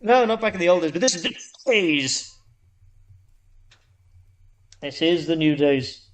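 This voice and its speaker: A man's voice: fairly high pitch, lively intonation, unhurried. A man co-hosting a podcast, telling a long joke in a casual, rambling way with frequent restarts. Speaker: podcast co-host.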